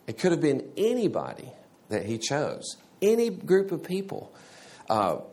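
A man teaching a church Sunday school class in a halting way, restarting words and often clearing his throat. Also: on the high side, huge pitch swings, a little mellow.

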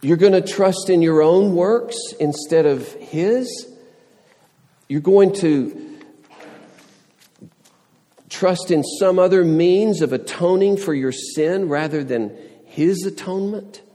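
A man's voice: sits high, slow, long pauses, warm tone, big-room sound. A man preaching a sermon, earnest, pressing his points with rising questions and everyday illustrations. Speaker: pastor.

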